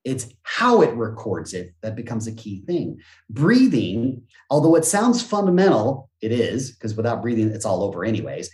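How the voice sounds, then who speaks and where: A man who talks like a motivational speaker, bouncing his pitch up and down as he acts out little quoted scenes and gasps. His voice sits at an ordinary middle pitch, and the recording has a noticeably echoey room around it. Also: huge pitch swings, normal speed, darkish tone. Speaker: motivational speaker and business coach, podcast guest. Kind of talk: energetic conversational interview talk.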